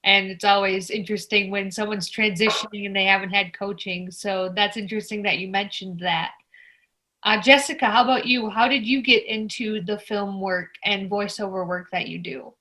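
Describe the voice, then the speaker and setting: A woman's voice: medium pitch, steady tone, normal speed, pushed and bright. A woman hosting an interview over a video call, asking long, searching questions of her guests. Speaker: interview host.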